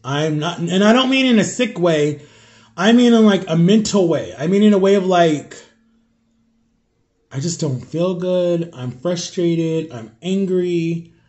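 Congested man, slightly high voice, halting confessional vlog from home. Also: expressive, a little mellow. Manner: rambling, halting, searching for words. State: congested, stuffy nose. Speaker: vlogger. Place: at home, eating on camera.

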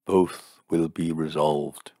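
A man's voice: extremely low pitch, fairly even intonation, takes it slowly, warm tone, dry recording, clean studio sound, exaggerated voice. A man doing a grave, solemn fortune teller. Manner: grave, mournful intoning. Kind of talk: audiobook character voice.

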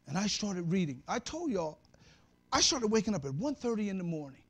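A male pastor preaching a lively sermon in a very high voice that swings widely up and down. He talks to the congregation like a friend, mixing jokes with sudden shouts. It has the loose, conversational feel of a church sermon. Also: brisk, slightly rough. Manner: animated, humorous preaching with shouted peaks; conversational, addresses the congregation directly.

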